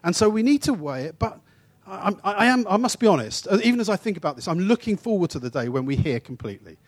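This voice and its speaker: A man from England giving an informal, anecdotal sermon as a traveling preacher, with frequent restarts, quick asides and slow, emphatic phrases. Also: sits high, big pitch swings. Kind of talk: conversational sermon teaching.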